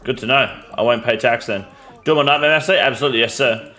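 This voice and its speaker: Brief: Australian man, mid-pitched, blunt and sweary streamer banter, faint music underneath. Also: quick pace, pushed and bright. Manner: blunt, profane, answers chat questions. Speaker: game streamer. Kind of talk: casual live-stream chat.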